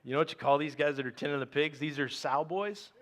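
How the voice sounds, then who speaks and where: A man with a bright, somewhat high voice preaching a sermon. He reads scripture aloud, then breaks into animated, joking asides as a pastor speaking to his congregation. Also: fast talker. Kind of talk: conversational sermon.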